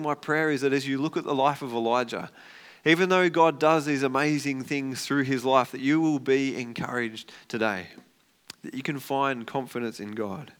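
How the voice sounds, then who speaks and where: A man preaching a casual, storytelling sermon as a pastor, acting out the characters' lines with energy. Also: medium pitch. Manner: conversational, animated storytelling with acted-out quotes.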